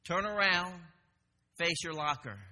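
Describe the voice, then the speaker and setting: A man's voice: high-pitched, measured pace, bright, forceful tone, voice pushed up, full character voice. A man voicing a harsh male military drill instructor who barks orders in a big hall. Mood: barking. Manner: barked orders.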